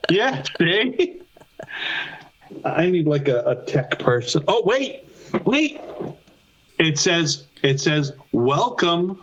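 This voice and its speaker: A man's voice: a little high, very animated, takes it slowly, long pauses, fairly bright tone. A man co-hosting a podcast, chatting casually with a profane, joking manner, calling in over a phone. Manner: profane, joking, laughs often. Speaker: podcast co-host. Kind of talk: casual chat. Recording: phone line.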